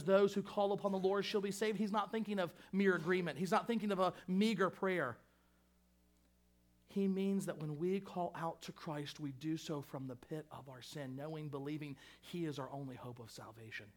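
A male pastor with a strikingly high voice delivers his sermon. He is emphatic and insistent, repeating key phrases for force. His delivery swings between raised fervor and hushed, earnest lows.

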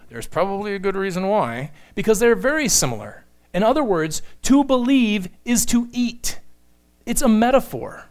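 A man preaching an earnest sermon, working through scripture verse by verse. His voice sits a bit higher than most men's. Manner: earnest teaching with acted-out quotes. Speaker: pastor.

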